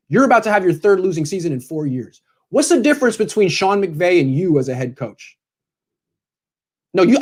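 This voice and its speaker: A man who is a sports commentator, bluntly lecturing a coach as if in a meeting, confrontational and direct. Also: high-pitched.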